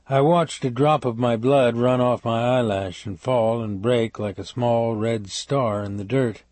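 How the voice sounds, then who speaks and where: A man narrating an audiobook in a steady, measured way on a close mic. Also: medium pitch, dry recording. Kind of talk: scripted narration.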